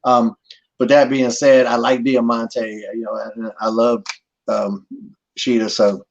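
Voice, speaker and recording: Male co-host, husky, dull lo-fi stream audio, laid-back storyteller. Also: medium pitch, slow pace. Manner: storytelling, animated when telling anecdotes. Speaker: wrestling show co-host. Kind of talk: casual panel chat.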